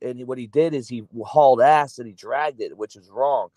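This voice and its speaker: A South Florida man with an accent that sits between East Coast and Southern, talking in a loose, profane ramble. His middle-pitched voice is dry and close, with no room sound around it. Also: moderate pace, mellow, dry recording. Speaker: podcast co-host. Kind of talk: casual livestream chat.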